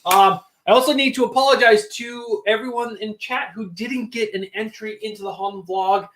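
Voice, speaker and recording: A man's voice: high voice, normal speed, a bit bright, roomy sound. A man co-hosting a livestream, chatting casually and laughing along, giving channel announcements. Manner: easygoing, laughs often, chatty asides. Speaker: livestream co-host.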